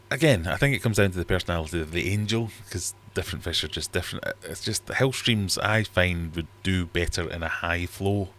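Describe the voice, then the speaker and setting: A brisk Geordie host with a low, slightly bright voice barely pauses as he rambles through a casual livestream chat. He reads viewers' comments aloud from his home fish room.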